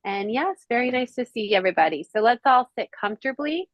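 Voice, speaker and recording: A woman leading a guided breathing exercise as mindfulness coach, calm and soothing as she counts the breaths slowly over a video call. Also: fairly high pitch, no room sound, poor audio.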